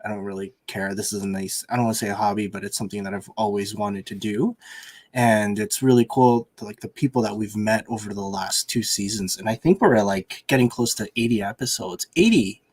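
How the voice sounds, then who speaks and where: A man's voice: lowish voice, fairly quick, darkish tone, breathy edge. A man hosting a casual podcast, upbeat and chatty as he thanks listeners. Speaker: podcast host. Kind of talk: casual chat.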